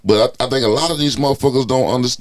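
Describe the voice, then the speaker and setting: A man's voice: medium pitch, racing, over a noisy crowd. A man co-hosting a podcast in casual chat, mostly chiming in with short remarks and questions. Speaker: podcast co-host.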